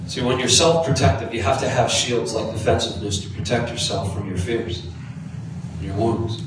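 Male pastor, middle-pitched, animated confessional storyteller, heard from far off in a very echoey hall. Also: normal speed, background noise. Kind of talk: sermon.

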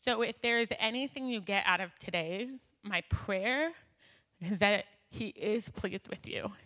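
A woman's voice: medium pitch, measured pace, sharp tone. A woman in her thirties giving a heartfelt, conversational testimony to a church gathering, with frequent fillers and an emotional tone. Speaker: church speaker. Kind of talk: personal testimony in a church talk.

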